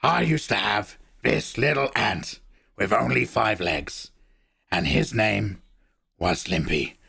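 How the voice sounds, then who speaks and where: A man imitating an intense older film star who broods and then erupts into shouts. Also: lowish voice, lively intonation, takes it slowly, creaky, husky, pitched below the performer's own voice, full character voice. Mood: brooding.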